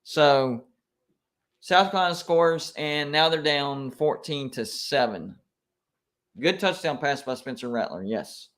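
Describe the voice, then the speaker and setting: A man streaming live reactions to college football games, excitable and quick to complain like an emotional fan. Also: fairly high pitch.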